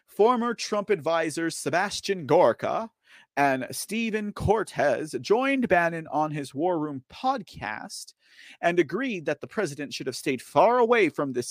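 A man's voice: on the high side, no room sound, studio quality. A man hosting a political talk show, riffing loosely and uncensored between articles he reads aloud. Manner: loose, uncensored, riffing asides with frequent okay and right. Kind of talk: opinionated political commentary, reading articles aloud.

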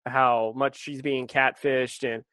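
A man's voice: medium pitch, level tone, slow, sharp tone, no echo. Chatty man with wry asides. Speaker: podcast co-host. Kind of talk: casual chat.

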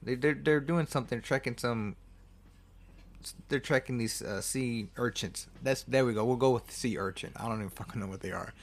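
A man's voice: mid-range voice, normal speed, a little hiss or hum. A man casually recapping a film plot, rambling, swearing freely and often correcting himself. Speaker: movie reviewer.

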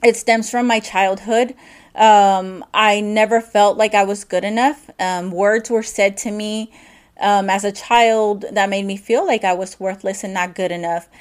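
A woman's voice: mid-range voice, steady tone, a little slow. A woman hosting her own podcast, talking candidly in a personal monologue, rambling and restarting her sentences as she goes. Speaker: podcast host.

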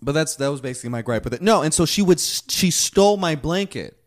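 A man with a deep voice on a casual podcast, rambling and swearing as he acts out what people said. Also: animated, quick pace. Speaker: podcast co-host.

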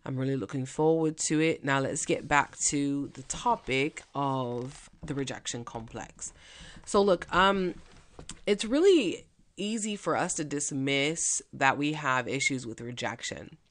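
A woman host and mentor giving a chatty, energetic motivational talk, with quick bursts of speech. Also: deep voice.

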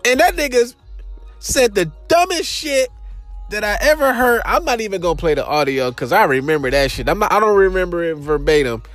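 A man's voice: high-pitched, animated, fairly quick, a bit bright, faint music behind. A young man with an African American Vernacular English accent, hosting a show in loose, profane casual commentary with laughing asides. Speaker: podcast host.

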